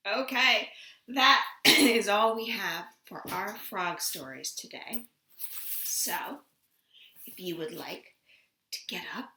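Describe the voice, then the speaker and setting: A woman librarian reading a picture book aloud to children from her home, gentle and expressive, with little gasps. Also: mid-range voice, creaky. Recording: roomy home room recording.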